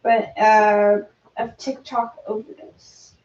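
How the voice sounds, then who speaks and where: A woman's voice: medium pitch, flat delivery, takes it slowly, darkish tone, dull audio. Woman reading news aloud, roomy distant sound. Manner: reads news headlines aloud with hesitant ums. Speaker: livestream co-host. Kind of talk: casual chat.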